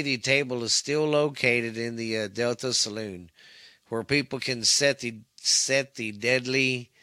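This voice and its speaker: A man's voice: medium pitch, pushed and bright, no echo, clean studio sound. A man hosting a podcast, reading ghost stories with stumbles, tired and yawning, swearing in casual asides.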